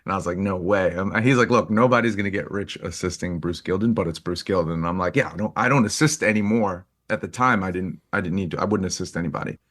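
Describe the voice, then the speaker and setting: A man with a fairly low voice tells stories as a podcast guest. He talks in an animated, lively way, jumping up in pitch when he acts out what people said, and he laughs often as he goes. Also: fast, hardly any pauses. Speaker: guest photographer. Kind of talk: casual interview storytelling.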